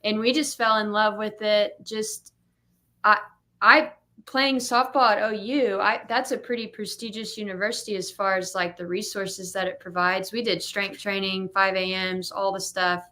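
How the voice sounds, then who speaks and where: Young adult woman, gym owner on a casual podcast, bright lively storyteller. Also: mid-range voice, moderate pace. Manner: animated storyteller, acts out quotes.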